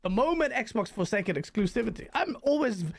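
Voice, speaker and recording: Excitable man with a higher voice. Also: creaky. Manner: animated, quick and excitable, breaks into laughter. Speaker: podcast host. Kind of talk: casual podcast chat.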